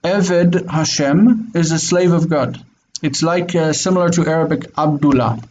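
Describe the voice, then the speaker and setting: A man with a slightly high, darkish voice teaches Hebrew online at a measured pace. He's patient, often murmuring "mm-hmm" to affirm students, and the recording sounds dull and lo-fi with faint noise.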